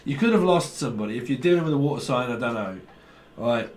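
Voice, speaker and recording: A man's voice: medium pitch, animated, quick pace, darkish tone. A man giving a casual, rambling tarot reading, chatty and laughing often, swearing freely as he talks. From United Kingdom. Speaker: tarot reader. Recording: roomy echo with faint background noise.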